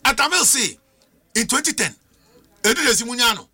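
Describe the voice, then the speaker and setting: A man's voice: very high-pitched, lively intonation, brisk, bright, forceful tone, slightly rough. A man with a Ghanaian accent, a political commentator on a studio panel, arguing with rhetorical questions and switching between English and Twi.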